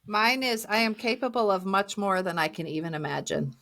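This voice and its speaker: Middle-aged woman, upbeat chatty co-host, mid-pitched, easy storytelling. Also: animated, fairly quick, a bit bright. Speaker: podcast co-host. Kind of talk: casual chat.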